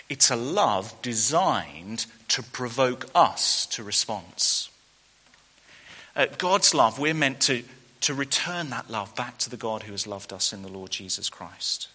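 A man's voice: medium pitch, animated, slow, pushed and bright, breathy edge. A man preaching a sermon to students, earnest and full of rhetorical questions. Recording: long hall reverb.

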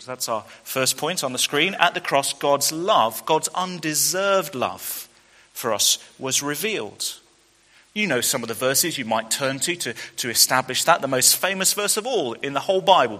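A man's voice: fairly high pitch, animated, moderate pace, sharp tone. A man preaching a sermon to students, earnest and full of rhetorical questions. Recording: long hall reverb.

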